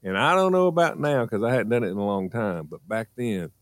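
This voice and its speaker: A man who is a regular on a morning radio show, telling childhood stories in a rambling, animated way. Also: mid-range voice, a little fast, no room sound, clean studio sound. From rural United States. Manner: animated, rambling anecdotes with self-corrections. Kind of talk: casual storytelling on morning radio.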